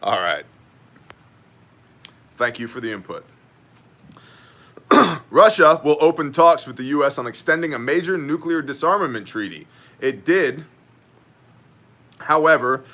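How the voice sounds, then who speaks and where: Man, news brief host, sardonic asides, bright tone. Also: fairly high pitch, expressive, unhurried, pauses often. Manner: sardonic, joking asides, reads chat aloud. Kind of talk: casual news commentary with live chat.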